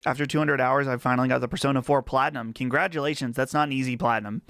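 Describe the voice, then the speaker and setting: A man's voice: mid-range voice, steady tone, rapid-fire, fairly bright tone, no echo. A man with a Western Pennsylvania accent hosting a casual live chat stream, chatty and rambling on a close mic. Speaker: livestream host.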